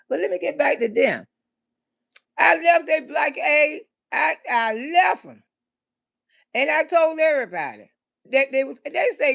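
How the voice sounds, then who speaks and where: A woman comedian telling a story live, animated and laughing often, cursing freely. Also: sits high, moderate pace, gravelly.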